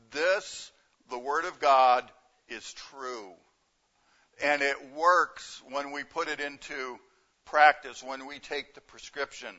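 A male pastor preaches a conversational sermon in a bright, slightly high voice, circling back to repeat his key phrases. The recording is dull and lo-fi, like a church tape.

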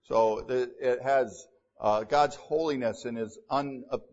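A man's voice: mid-range voice, measured pace, darkish tone, highs cut off. A man preaching a verse-by-verse sermon in a plainspoken way, with fillers and restarts, reading scripture in King James wording. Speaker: pastor. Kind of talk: expository sermon.

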